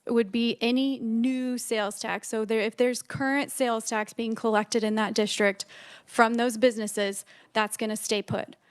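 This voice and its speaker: A woman with a Midwest American accent, a state official explaining a project to a legislative committee in a measured way. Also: on the high side, clear, resonant tone. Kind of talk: formal testimony answering questions. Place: legislative hearing room.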